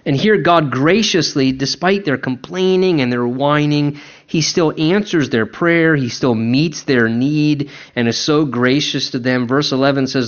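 A man's voice: fairly high pitch, unhurried. A man preaching a conversational sermon as a pastor, acting out quoted voices as he goes. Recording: dull lo-fi recording.

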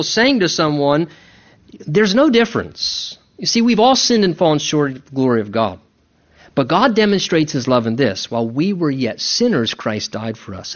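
Guy preaching a sermon, kinda high voice, emphatic, dull lo-fi sound. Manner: emphatic, animated preaching with mock-voiced asides. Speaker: pastor.

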